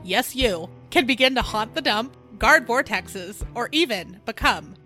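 A woman's voice: fairly high pitch, lively intonation, unhurried, pushed and bright, soft background music. Upbeat, chatty woman podcast co-host. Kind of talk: casual true-crime chat.

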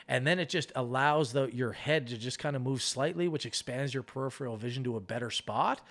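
A man's voice: mid-range voice, brisk. A middle-aged man coaching goalies, talking through his methods in a casual interview and acting out arguments. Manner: animated explaining, acts out arguments.

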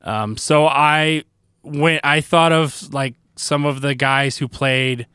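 A man co-hosting a podcast, chatting in a relaxed, casual way and trailing off with fillers. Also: fairly high pitch, takes it slowly, clear, resonant tone, no room sound, studio quality. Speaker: podcast co-host. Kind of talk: casual chat.

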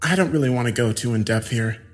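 A man's voice: mid-range voice, fast talker, faint music behind, natural voice. A man voicing a giggly, unhinged young man in his mid-twenties who taunts and jokes casually. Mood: breezy. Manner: smirking, laughing, casual slangy taunts.

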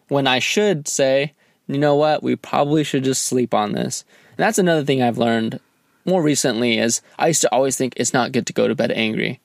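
A man with a gravelly, fry-tinged voice speaks calmly and evenly in casual chat. He sounds easygoing and measured, recorded close and dry. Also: mid-range voice, no echo. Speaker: podcast co-host talking with his partner.

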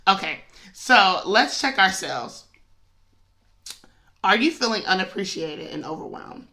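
Slow-talking, laughing woman podcaster. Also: medium pitch. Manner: animated, laughs often, colloquial. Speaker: podcast host. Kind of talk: casual devotional podcast talk.

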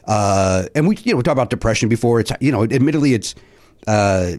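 A man's voice: fairly low pitch, lively intonation, fast, darkish tone. A middle-aged man chatting as a podcast guest, telling a story with lots of fillers and restarts. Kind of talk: casual chat, telling a story.

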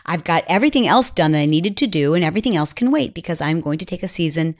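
A woman's voice: lowish voice, animated, fast talker. A middle-aged woman hosting a podcast, telling a personal story in an earnest, confiding way that sometimes drops to a near whisper. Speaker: podcast host.

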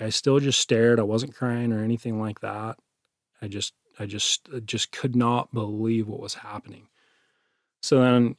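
A man telling a personal story in an interview, halting, with many restarts, his voice trailing off quietly at the ends of phrases. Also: fairly low pitch, no room sound, studio quality. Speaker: interview guest.

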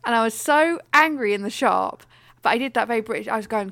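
A woman's voice: a little high, vocal fry, no room sound. Ranting woman podcast host. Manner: animated ranting, quick bursts of exasperation. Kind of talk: casual podcast chat.

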